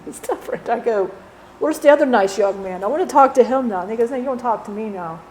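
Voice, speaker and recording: A woman's voice: on the high side, expressive, fairly quick, a little mellow, slight background noise, natural voice. A woman channeling the spirit of a dead man, who rambles bluntly, swears and keeps saying "you know". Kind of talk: channeling session.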